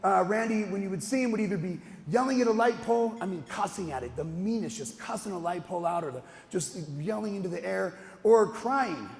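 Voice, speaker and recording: Telling a story about his own life, a lively man keeps restarting his sentences and laughing between them, talking briskly with hardly any pauses. His high, gravelly voice echoes in a long hall reverb, with faint music playing behind.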